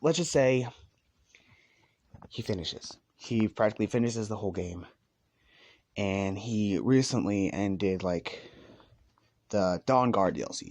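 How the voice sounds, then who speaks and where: A man's voice: lowish voice, a little mellow, no room sound. A man casually retelling a fan story, rambling with lots of "like" and "let's just say," sometimes walking around as he talks.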